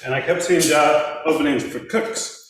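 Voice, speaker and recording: Animated man telling stories in an echoey room. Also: on the high side, normal speed. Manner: animated anecdote-teller, often laughing. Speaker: theater company member. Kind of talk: casual storytelling chat. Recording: echoey room, distant mic, background noise.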